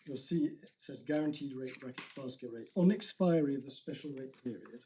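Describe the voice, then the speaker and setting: A man presenting a formal courtroom submission. His voice is warm and mellow, and he talks at a mid pitch. He is careful and deliberate, and he often breaks off to restart a phrase. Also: a little hiss or hum. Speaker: barrister arguing an appeal.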